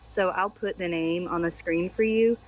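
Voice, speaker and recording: A woman's voice: on the low side, normal speed, a little hiss or hum. Chatty woman gushing over her plants outdoors. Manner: chatty, gushing and self-deprecating. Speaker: plant channel host. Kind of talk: casual houseplant tour. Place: outdoors on a sunny day.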